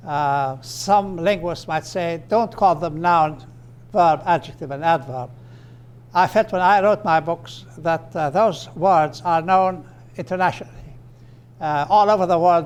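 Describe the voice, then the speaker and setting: A man giving a grammar lecture, slowing down and stressing his example phrases. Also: fairly high pitch. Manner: explanatory, with fillers and restarts. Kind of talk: recorded lecture.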